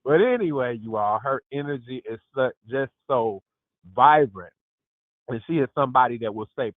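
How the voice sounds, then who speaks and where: A man in his fifties hosting a lively group call, exuberant and emphatic, often calling out to his listeners. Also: mid-range voice, moderate pace, dry recording. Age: 50s. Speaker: host. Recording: dry tinny phone line.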